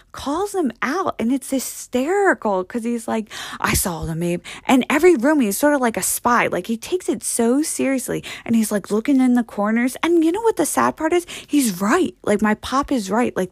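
Woman, gravelly voice, dry close sound, rambling casual storytelling, lots of fillers and curses. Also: medium pitch, dry recording. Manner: rambling, heavy on fillers and swearing.

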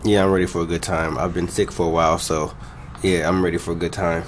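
A man with a low voice talks fast in a level tone, with slight noise in the background. As a podcast co-host, he spins long, laid-back, rambling anecdotes peppered with casual swearing in a relaxed storytelling chat.

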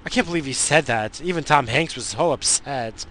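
A man putting on the voice of a gushing, gossipy social media fan who talks in a shocked, drawn-out way. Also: medium pitch, fairly bright tone, a little hiss or hum, natural voice.

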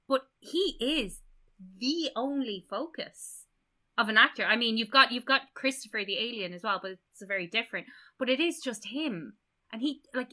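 A woman in casual conversation about a film, animated and laughing often. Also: on the high side.

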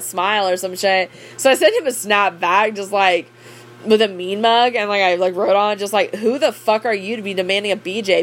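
A young woman who works as a cook, rambling in a casual late-night monologue, blunt and profane, full of fillers and frequent laughs. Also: medium pitch. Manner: laughs often.

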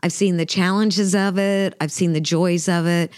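A middle-aged woman, co-host of a faith podcast, relates a personal story earnestly and emotionally, with many fillers and restarts. Her fairly low, clear, resonant voice is a little mellow, evenly pitched, moderately paced, with few pauses. Studio quality, no echo.

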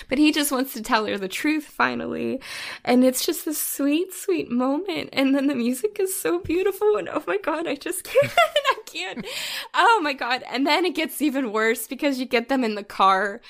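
A woman's voice: on the high side, gravelly, a bit bright. A woman co-hosting a podcast, chatting about a film with gushing emotion, tearful at times and full of restarts and fillers. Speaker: podcast co-host. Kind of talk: casual film discussion.

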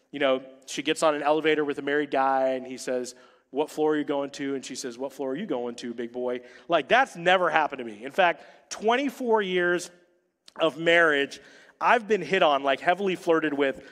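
Joking pastor preaching in a reverberant church. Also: male voice, on the high side. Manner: punchy, joking asides, sudden soft drops. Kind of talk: sermon. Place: church sanctuary. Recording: long hall reverb.

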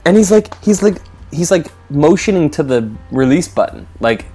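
A man's voice: on the high side, normal speed, husky, faint music behind. A man in casual podcast chat, telling stories and breaking into laughing impressions. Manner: storytelling with animated, laughing impressions. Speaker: podcast co-host. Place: hospital cleaner.

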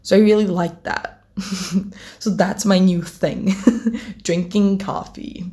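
A woman's voice: mid-range voice, steady tone, slow pace, warm tone. A teenage girl chatting casually to camera as a vlogger, rambling, giggling often and swearing offhandedly. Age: teens.

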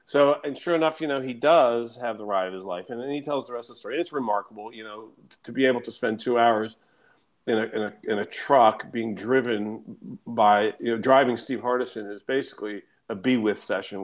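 Male coach, casual storyteller with a mid-range voice, animated and profane, acts out quotes. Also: medium pitch, brisk.

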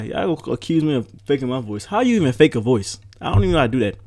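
Laid-back young man with a gravelly voice. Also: mid-range voice, racing, few pauses, no room sound. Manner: laid-back, rambling, animated when riled up. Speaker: podcast host. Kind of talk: casual solo podcast rant. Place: at home.

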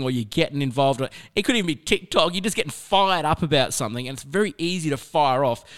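A man's voice: medium pitch, a bit bright, smooth. A middle-aged man giving an earnest, conversational motivational talk to teenagers, mixing personal stories with scripture. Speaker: youth speaker.

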